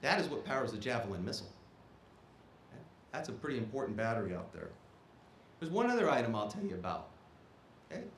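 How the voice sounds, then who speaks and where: In an echoey performing arts auditorium, an Army officer in his fifties speaks as the guest at a ceremony. His medium-pitched, fairly bright voice swings widely in pitch, moving briskly but with long pauses, over slight background noise. He talks emphatically and plainly, punctuating points with "okay?" to check in with the audience.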